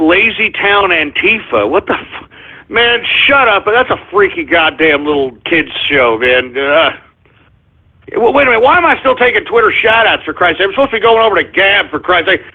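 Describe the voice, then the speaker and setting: A man hosting a live radio show, ranting angrily, shouting, swearing and taunting listeners. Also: high voice, very animated, normal speed. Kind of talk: live call-in radio rant. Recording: tinny lo-fi broadcast audio.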